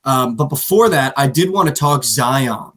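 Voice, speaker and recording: A man co-hosting a sports podcast in casual, animated chat, swearing freely and mimicking players. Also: mid-range voice, moderate pace. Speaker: podcast co-host.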